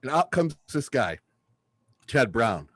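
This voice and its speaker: A man in his fifties from southern California, co-hosting a casual sports podcast and telling stories with excitement. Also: medium pitch, slow pace, breathy edge, no room sound. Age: 50s. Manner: excitable storyteller, acts out quotes loudly. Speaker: podcast co-host.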